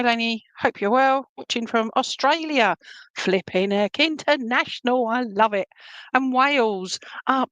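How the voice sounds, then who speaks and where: A woman's voice: mid-range voice, a bit bright, no room sound. Chatty Essex woman with a dry close sound. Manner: chatty, many fillers and restarts, reads viewer comments aloud. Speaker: medium giving live readings. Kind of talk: casual live-stream chat and readings.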